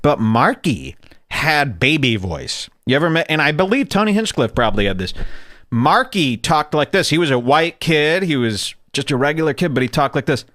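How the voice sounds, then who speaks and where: A man's voice: on the high side, very animated, normal speed, fairly bright tone, no echo, studio quality. A young man hosting a podcast, telling crude comedic stories in casual chat and slipping into silly voices. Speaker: podcast host.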